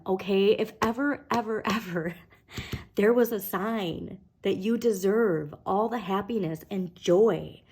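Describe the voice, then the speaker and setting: A woman's voice: mid-range voice, a little mellow. A woman giving a casual tarot reading, encouraging her listeners and often checking in with "okay?". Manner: fillers and restarts. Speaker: tarot reader.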